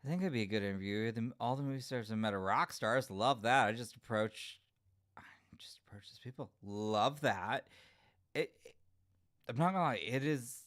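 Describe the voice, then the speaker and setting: A man hosting a casual livestream, answering chat comments in an animated, giggly way. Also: medium pitch, normal speed. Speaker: livestream host reading chat.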